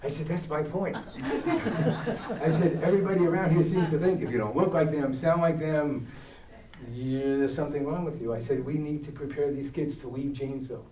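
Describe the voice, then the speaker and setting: An older man with a New York accent tells stories to a group and acts out the other people's voices. His voice is mellow and dark. It sounds echoey and a little far from the mic, as if recorded in a church hall. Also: a little high, moderate pace. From Brooklyn, New York. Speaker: guest speaker. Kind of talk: storytelling talk.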